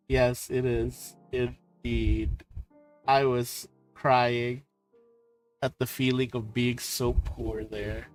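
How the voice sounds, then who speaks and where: A man from the Philippines chatting casually with his viewers about trip photos, excitable, swearing and laughing often. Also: mid-range voice, very slow, faint music behind. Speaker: streamer host.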